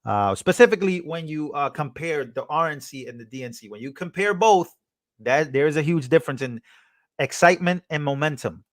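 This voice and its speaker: A man's voice: a little high, animated, a little fast, dry recording. Male streamer, casual running commentary, repeats lines, dry close mic. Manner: casual, repetitive, reacts to clips. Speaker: livestream host.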